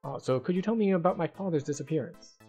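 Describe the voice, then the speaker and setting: A gamer voicing a dry, practical adult male adventurer-professor in a low, flat reading of his lines from a point-and-click game. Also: quick pace, husky, dull audio, faint music behind.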